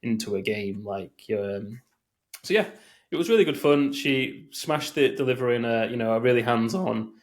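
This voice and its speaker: A man's voice: mid-range voice, expressive, normal speed. Rambling male podcast co-host. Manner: rambling, hesitant, filler-heavy. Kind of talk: casual chat.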